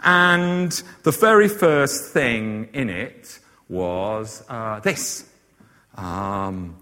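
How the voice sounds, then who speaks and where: A man's voice: on the low side, very slow, sharp tone. Chatty man lecturing in a hall. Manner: chatty, many fillers and asides. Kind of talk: informal literary lecture. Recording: long hall reverb.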